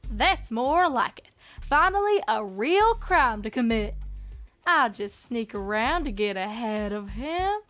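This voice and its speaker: A woman's voice: a little high, very animated, takes it slowly, fairly bright tone, exaggerated voice. A woman voicing a young female farm pony who plays at being an outlaw, with a Southern drawl and a grumbling, boastful way of talking, in a fanfic audiobook reading. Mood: grumbling brag. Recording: faint music behind.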